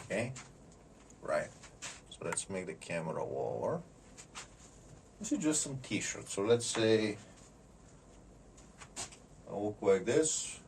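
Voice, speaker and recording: A man giving a rambling comedic monologue. He repeats words and often clears his throat. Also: lowish voice, very animated, slow, long pauses, a little mellow, distant mic, slight background noise.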